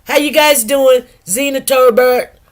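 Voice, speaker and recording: A middle-aged woman hosts a livestream, chatting casually, greeting viewers by name and stretching out some words. Her voice is high and her pace measured.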